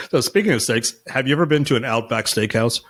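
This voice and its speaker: A man's voice: mid-range voice, a little fast, fairly bright tone. A man hosts a casual podcast interview. He asks questions and teases his guest with dry humor. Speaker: podcast host.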